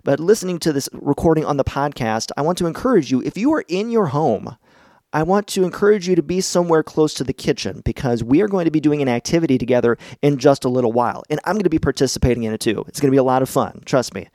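A man's voice: on the high side, lively intonation, fast talker, darkish tone, dry recording, clean studio sound. A middle-aged man hosting a podcast from his home basement, chatty and encouraging, laughing often as he explains things. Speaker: podcast host. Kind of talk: casual instructional podcast talk.

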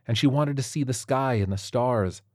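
A man narrates an audiobook in a steady, even storytelling style. His voice is mid-range and his pace normal, with a dry, studio-quality sound.

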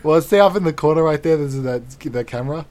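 A man's voice: fairly high pitch, quick pace, a little mellow. A man improvising comedy scenes, rambling with plenty of fillers. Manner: rambling, full of fillers and giggles.

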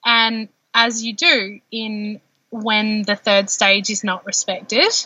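A woman, a podcast guest telling her personal birth story in an animated way, full of fillers. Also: mid-range voice, slow, dry recording. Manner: animated, heavy use of filler words. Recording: dull lo-fi dry sound.

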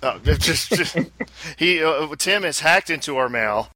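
A man's voice: a little high, lively intonation, a little slow, sharp tone, no echo. A man co-hosting a casual pinball podcast, joking and laughing a lot as he goes through the mail. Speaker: podcast co-host. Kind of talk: casual chat.

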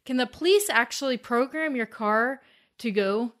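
A woman's voice: a little high, normal speed. A woman co-hosting a podcast in casual chat, with dry remarks and easy laughter. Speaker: podcast co-host.

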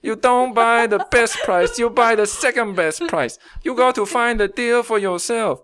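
A man's voice: fairly high pitch, level tone, fairly quick, darkish tone. A man voicing a boastful, chatty man with an exaggerated put-on foreign accent and broken grammar. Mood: pep-talking.

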